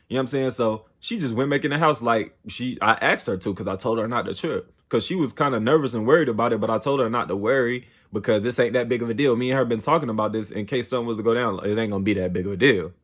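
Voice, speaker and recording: A young man telling a story from his own life in casual, profane slang, often asking "you know what I'm saying". When he replays heated arguments his voice jumps higher and louder. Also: fast. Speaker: storyteller host.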